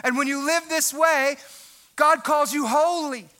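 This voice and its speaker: A young adult man preaches a sermon, loud and emphatic, often shouting his points. His voice sits very high. It has a sharp, piercing edge. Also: fairly even intonation, unhurried. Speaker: pastor.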